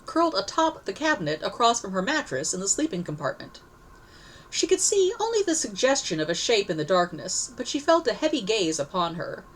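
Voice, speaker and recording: A woman's voice: fairly high pitch, rough recording. A woman narrating a story aloud, reading expressively and correcting herself now and then. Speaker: story reader.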